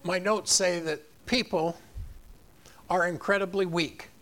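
A man preaching a sermon in an animated way, acting out the voices of the people in the story. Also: high-pitched, a little slow. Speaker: pastor.

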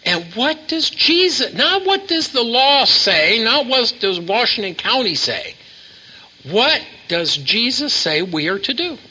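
A man's voice: very high voice, very animated, slow pace, bright, forceful tone, breathy edge, poor audio. A man preaching a sermon to a live congregation, asking questions and having them repeat lines back to him.

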